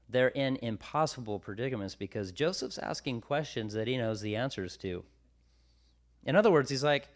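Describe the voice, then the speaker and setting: A man's voice: mid-range voice, animated, normal speed. Casual-speaking male preacher. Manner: casual, paraphrases scripture in everyday slang. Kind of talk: sermon with scripture reading.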